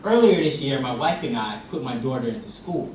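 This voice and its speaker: A young man delivering a comic contest speech on stage, his pitch leaping around as he tells the story. He sounds distant from the mic in a very echoey hall. A live audience murmurs behind him. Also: brisk, noisy background. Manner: animated storytelling, acts out voices. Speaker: contest speaker.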